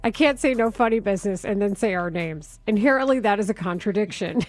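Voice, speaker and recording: A woman hosting a sports talk radio show, brisk and opinionated, quick to laugh. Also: medium pitch, lively intonation, soft background music.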